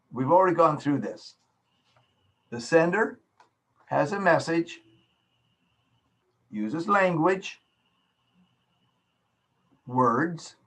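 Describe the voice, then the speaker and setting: A man's voice: fairly high pitch, a bit bright. Patient male professor lecturing online. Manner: patient, explains with everyday examples. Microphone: computer mic on a video call.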